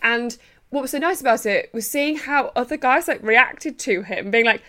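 Chatty woman, fairly high voice. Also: moderate pace. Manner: chatty, animated storytelling. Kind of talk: casual chat.

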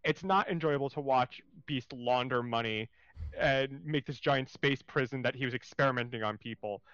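A man co-hosting a casual comics discussion, animated and searching for words. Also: mid-range voice, moderate pace, smooth, dry recording, dull audio. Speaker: co-host.

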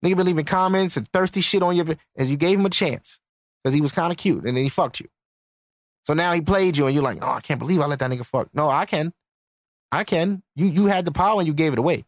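A man's voice: a little high, fast talker, dry recording, clean studio sound. A man hosting a podcast, giving a blunt, profane, lecturing rant in a casual style. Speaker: podcast host.

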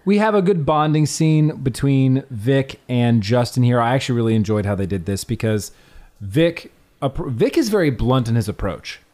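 A man with a voice that moves a lot in pitch explains the film scene by scene. He talks in a relaxed, analytical way, often restarting his sentences. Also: normal speed. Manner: lively, analytical, lots of restarts. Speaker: podcast co-host. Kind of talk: casual movie review chat.

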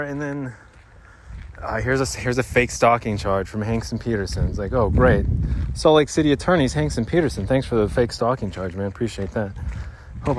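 A man's voice: medium pitch, a little hiss or hum. A middle-aged man hosting a podcast in a rambling, casual monologue, full of slang and repeated filler words. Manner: rambling, slangy, keeps saying dude. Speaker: podcast host.

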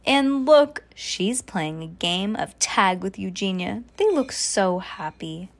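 A jolly, oblivious husband from a children's storybook, cheerful and unaware of the trouble, as a mother puts him on. The read keeps a lively, swinging pitch. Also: takes it slowly.

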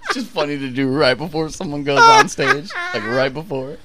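A man's voice: on the high side, huge pitch swings, normal speed, heavy background noise. A man who is a comic, telling a story in casual podcast banter and laughing as he goes.

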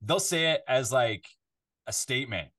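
A man's voice: medium pitch, moderate pace. A Canadian man who works as a voiceover artist, chatting casually as a podcast guest from his home studio, rambling and restarting his sentences. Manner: rambling, restarts often, animated when telling stories. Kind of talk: casual interview chat. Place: home recording studio control room.

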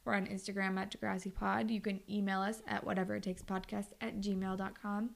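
A woman's voice: mid-range voice, flat delivery, fairly quick, gravelly. A young woman co-hosting a casual podcast, giggly and informal, who swears freely. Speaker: podcast co-host.

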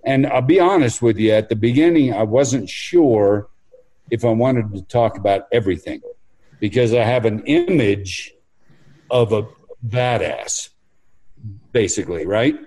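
Low, mellow man speaking earnestly. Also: lively intonation, measured pace, low-quality recording. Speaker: interview guest. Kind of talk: casual interview.

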